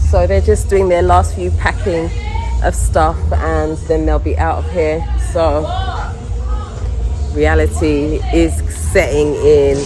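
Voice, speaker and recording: A middle-aged woman vlogs on a handheld phone, chatting and laughing casually to camera in a voice on the low side. The recording is rough, and music plays over her voice.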